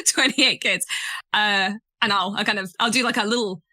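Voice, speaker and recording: Bright-voiced woman playing a tabletop game. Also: mid-range voice, normal speed. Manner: chatty, giggly asides. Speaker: player. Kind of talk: casual tabletop role-play.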